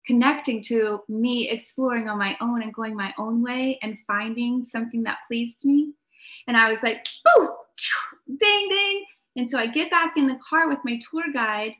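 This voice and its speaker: A young adult woman, a podcast guest, telling a story in an animated way, laughing often and full of filler words. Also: on the high side. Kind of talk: storytelling in a conversation. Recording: echoey room, dull lo-fi sound.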